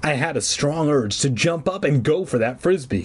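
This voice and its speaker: A man reading a children's book aloud and breaking off for crude, deadpan comic asides. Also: a little high, normal speed, few pauses, a little hiss or hum. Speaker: reader. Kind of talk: comedic read-aloud with asides.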